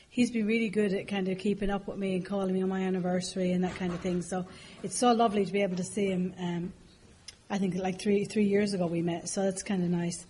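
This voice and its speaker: A woman's voice: mid-range voice, a little mellow, slight background noise. Chatty Irish woman speaking at a podium. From Ireland. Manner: chatty, self-mocking, frequent fillers and laughs. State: a bit of a cold. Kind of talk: humorous recovery talk at a podium.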